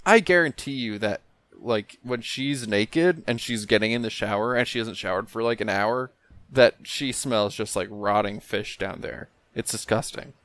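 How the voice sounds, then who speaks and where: Blunt deadpan man, dry sound. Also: on the low side, normal speed, no echo. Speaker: podcast co-host. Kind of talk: crude comedic banter.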